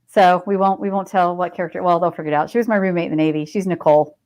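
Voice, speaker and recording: A woman's voice: on the low side, fairly even intonation, rapid-fire, darkish tone, low-quality recording. Chatty middle-aged woman telling stories. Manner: chatty and digressive, with frequent fillers and laughs. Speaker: podcast guest, veteran and author. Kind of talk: casual conversational storytelling.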